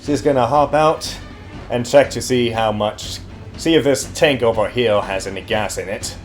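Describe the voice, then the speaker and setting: A man casually playing a tabletop role-playing game, animated and laughing often. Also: mid-range voice, normal speed, soft background music.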